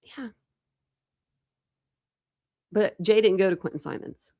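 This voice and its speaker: A woman's voice: medium pitch, slow pace, gravelly, a little mellow, no room sound, clean studio sound. A woman hosting a casual true crime livestream, rambling chattily with lots of fillers and restarts.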